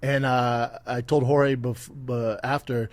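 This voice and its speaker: A man's voice: medium pitch, little pitch movement, takes it slowly, no echo. A man hosting a casual podcast chat, telling stories with quoted asides and readily agreeing. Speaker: podcast host.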